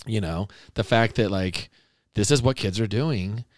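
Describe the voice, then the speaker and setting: A man's voice: fairly low pitch, a little slow, dry recording, studio quality. A man hosting a casual interview podcast, rambling and often correcting himself with fillers. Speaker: podcast host.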